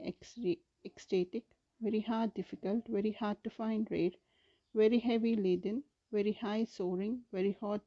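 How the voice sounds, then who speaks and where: Woman teacher, mellow tone, steady list-reading delivery, dull lo-fi recording. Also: mid-range voice. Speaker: English teacher.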